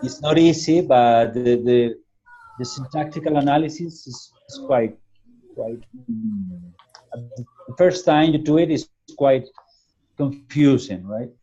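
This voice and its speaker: A man's voice: mid-range voice, a little slow, warm tone. A man whose first language is Spanish, answering casually in a class over a video call. He takes his time and searches for his words. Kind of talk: casual spoken reply in a class. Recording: dull lo-fi video call audio.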